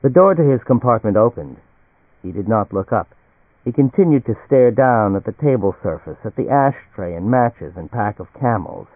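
In a fairly low voice, a man gives a measured, even reading of a novel as an audiobook narrator. There's no echo, and the scripted audio comes across dry and tinny, phone-like.

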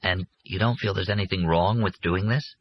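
A man's voice: lowish voice, sing-song, a little fast, husky, voice pushed up. A man voicing a young man who is uneasy and doubtful, talking hesitantly with his father. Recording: muffled lo-fi recording.

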